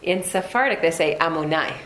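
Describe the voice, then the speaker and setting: A woman leads a text study class in a slightly low voice, explaining step by step and tossing in lively asides. The room gives her voice a noticeable echo, with a faint hum of background noise underneath. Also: normal speed. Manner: explanatory, animated asides, frequent "right?". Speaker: Torah class teacher.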